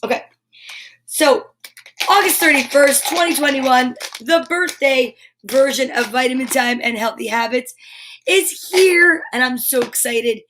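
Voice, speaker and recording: A woman with a high, bright voice hosts a live stream and talks right to her viewers. Her manner is bubbly and animated, casual and eager. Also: a little slow, noisy background. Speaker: host of a live storytime show.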